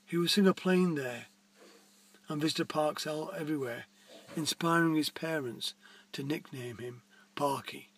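Man reading his own story aloud; husky, somewhat high, recorded from a distance. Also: a little slow, fairly bright tone. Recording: distant mic.

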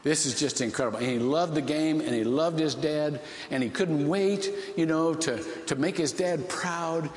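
A man's voice: a little high, normal speed, few pauses, echoey room, big-room sound. A man from Ohio preaching a sermon, telling a story with many restarts and rising emotional swells. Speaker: pastor.

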